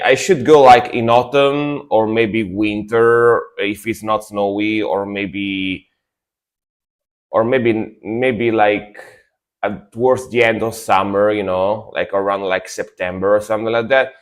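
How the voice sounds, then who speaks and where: Sleepy guy streaming, kinda low voice, rambles and repeats stuff, lots of uh and like. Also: takes it slowly. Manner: rambling, repeats himself, many fillers. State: sleepy, just woke up. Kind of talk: casual livestream chat.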